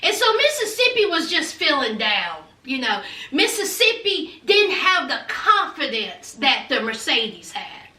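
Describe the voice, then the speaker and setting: A woman's voice: high-pitched, sing-song, measured pace, few pauses, sharp tone, distant mic. A woman vlogger recapping a TV episode in a dramatic, chatty way, acting out the characters' lines and calling the listener honey and child. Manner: dramatic storytelling, says honey and child a lot, acts out lines. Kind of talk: animated casual recap. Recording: roomy sound, a little off-mic.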